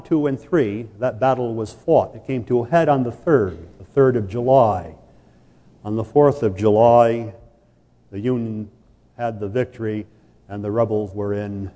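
Slow, deep-voiced preacher in a reverberant hall. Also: male voice. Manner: slow, dramatic storytelling with sudden loud peaks. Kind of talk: sermon with an illustrative story. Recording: long reverb of a large hall.

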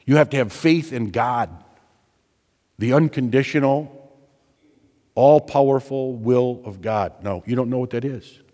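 A man preaching a sermon, stressing his points by repeating phrases and moving from loud urgency to hushed tones. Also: medium pitch, a little slow, pauses often, long reverb tail.

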